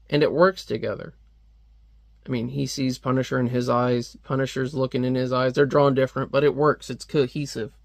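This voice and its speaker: A man's voice: medium pitch, gravelly, no room sound. Rambling man reviewing a comic. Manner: rambling, lots of fillers, laughing often. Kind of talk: casual commentary.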